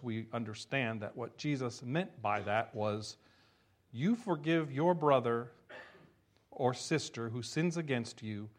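A male pastor reading scripture and preaching in a conversational way with rhetorical asides. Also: medium pitch. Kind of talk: sermon.

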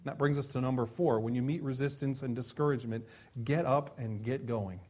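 A man preaching a sermon in a conversational way, moving between loud emphasis and soft, hushed passages, with chuckles and asides. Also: mid-range voice, fairly quick. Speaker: pastor.

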